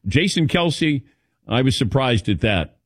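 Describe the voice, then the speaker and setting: A man hosting a sports talk show, telling stories in a lively, animated way and calling on his co-hosts by name. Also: mid-range voice, measured pace, dry recording, clean studio sound. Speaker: radio show host. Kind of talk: casual sports talk chat.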